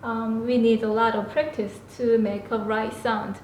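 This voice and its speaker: A woman with a Korean accent, a native Korean speaker teaching a beginner language lesson and repeating syllables with sharp emphasis. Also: on the high side, level tone, unhurried, reverberant, a little hiss or hum.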